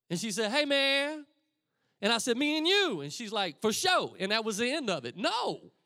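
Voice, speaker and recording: A middle-aged pastor from Texas, speaking as he tells a story from the pulpit. His voice sits high for a man and swings widely in pitch, and it is caught dry and close with no room echo. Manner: animated, acts out voices of friends and himself. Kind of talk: storytelling sermon.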